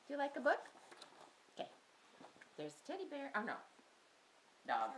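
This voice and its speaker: A woman's voice: high-pitched, wildly swooping pitch, normal speed, long pauses, a little hiss or hum. An older woman reading a picture book to a baby at home, in sing-song baby talk with growls and animal noises, recorded on a home video camera.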